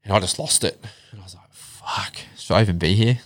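A man telling his life story in a casual chat, blunt and animated, swearing heavily. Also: fairly low pitch, racing, dry recording. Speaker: podcast guest.

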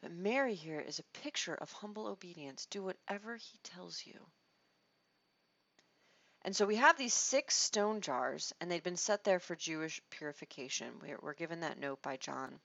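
A woman leads a conversational Bible study, speaking expressively and restarting her phrases as she works through each thought. Her voice sits somewhat low. The recording is dull, lo-fi and dry, with no room sound. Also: moderate pace, gravelly, few pauses, no room sound. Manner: expressive, acts out quoted lines, restarts phrases. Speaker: Bible teacher.

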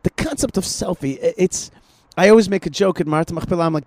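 A man talks politics on a podcast in an animated, rambling way. His voice sits a bit high, and he keeps repeating himself and restarting his phrases. The sound is dry and close, with no room echo. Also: fast talker. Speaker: podcast host. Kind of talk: casual political chat.

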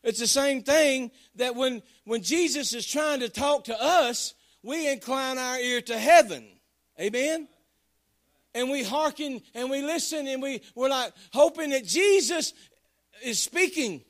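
A man's voice: extremely high pitch, a little slow, fairly bright tone, dry recording, clean studio sound. A man preaching a sermon with fervor, calling out to the congregation and telling stories in a folksy way. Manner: fervent, Southern-tinged folksy preaching with call-outs to the congregation.

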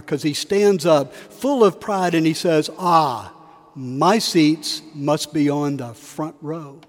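Preacher in a reverberant cathedral. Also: male voice, fairly high pitch, darkish tone. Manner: storytelling, varied emphasis, acts out quotes. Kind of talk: sermon. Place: large cathedral.

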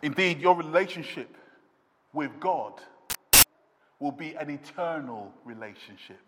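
A man's voice: a little high, lively intonation, unhurried, big-room sound, a little hiss or hum. A man preaching a sermon, quoting scripture dramatically with rising intensity. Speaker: pastor.

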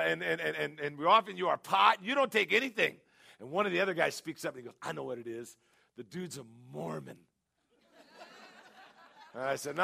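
A middle-aged man preaching, with a high, gravelly voice and a bright, forceful edge. He tells stories with punchy, excitable energy and now and then breaks into shouts. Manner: storytelling, punchy and excitable, big jumps to shouting. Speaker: pastor. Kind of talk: sermon.

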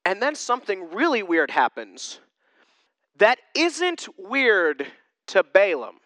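Animated, high-voiced male preacher. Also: unhurried, dry recording. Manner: humorous, conversational storyteller. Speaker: pastor. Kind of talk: sermon.

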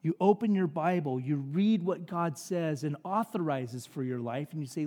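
A man preaching a sermon as pastor, animated and conversational, acting out voices in his stories. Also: on the high side, moderate pace, hardly any pauses. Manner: animated, acts out quotes, conversational asides. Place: church sanctuary. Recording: long reverb of a large hall.

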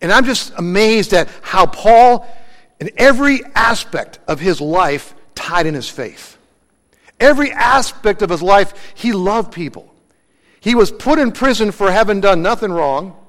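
A man's voice: high-pitched, expressive, unhurried, fairly bright tone. A man preaching a sermon as pastor, asking his congregation questions and answering them himself. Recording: long hall reverb.

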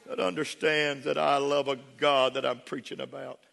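A man preaching a sermon as a pastor, switching between loud shouted praise and soft folksy storytelling. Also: medium pitch, fairly even intonation, normal speed, vocal fry. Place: large church hall with congregation. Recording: long hall reverb with faint crowd.

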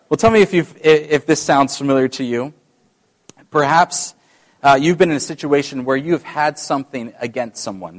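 A man preaching a sermon as pastor, talking conversationally and addressing the congregation directly, with some self-deprecating remarks. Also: medium pitch.

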